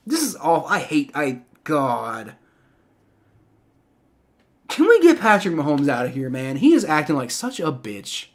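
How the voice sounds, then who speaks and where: A fed-up male streamer ranting through a live game reaction, swearing freely and tripping over his own restarts. His voice sits a little high and swings wildly up and down as he vents. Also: huge pitch swings, a little slow, pauses often. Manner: exasperated ranting, heavy profanity; frequent stammering restarts.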